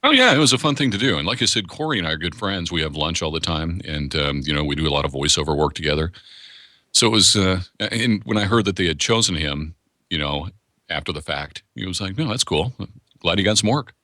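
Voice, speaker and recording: A man's voice: low-pitched, expressive, quick pace, sharp tone, dry recording, clean studio sound. A man who works as a voice actor, talking candidly in a casual interview and rambling with restarts. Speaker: voice actor guest.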